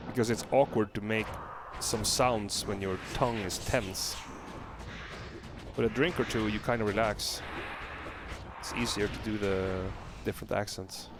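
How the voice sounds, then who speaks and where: Low gravelly guy streaming a game, chatty, lots of uhs, noisy audio. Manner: chatty, relaxed, answers chat with filler pauses. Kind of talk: casual live-stream chat with viewers.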